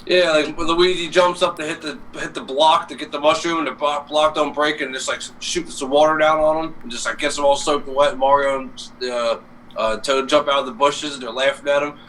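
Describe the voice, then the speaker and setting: A man's voice: on the high side, fairly even intonation, brisk, fairly bright tone. A man co-hosting a casual live stream, rambling and swearing with lots of fillers. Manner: rambling, profane, many fillers. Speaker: co-host. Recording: distant mic, faint noise.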